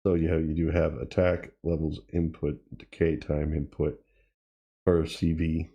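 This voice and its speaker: A man hosting a tutorial, casually demonstrating gear and thinking aloud with pauses and self-corrections. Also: very deep voice, level tone, gravelly, mellow, breathy edge, dull audio. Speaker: tutorial host. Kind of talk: casual demo while playing. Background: drum machine sounds he is playing.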